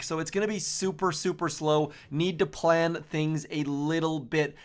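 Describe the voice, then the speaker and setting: A man hosting his game channel, giving casual, chatty commentary while he plays, thinking aloud and poking fun at himself. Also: a little high. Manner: chatty, self-deprecating, thinking aloud with fillers. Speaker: host of a mobile strategy game channel.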